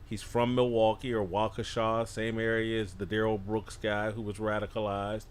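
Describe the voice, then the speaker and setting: A man in his fifties, a guest commentator on a talk show, giving blunt, forceful opinions. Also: fairly low pitch, flat delivery, moderate pace, a little hiss or hum.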